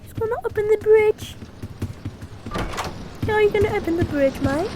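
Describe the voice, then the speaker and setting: A woman's voice: very high-pitched, expressive, moderate pace, long pauses, noisy background. A woman giving playful let's-play commentary, singing to herself and bursting into shrieks. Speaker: gamer.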